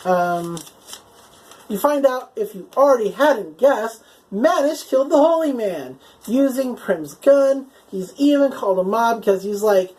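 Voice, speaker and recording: A woman's voice: fairly high pitch, expressive, unhurried, darkish tone, rough recording. Chatty woman recapping a TV episode. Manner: chatty, heavy use of "like" and "um" fillers; enthusiastic, openly emotional. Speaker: TV episode reviewer. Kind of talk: casual spoken episode recap.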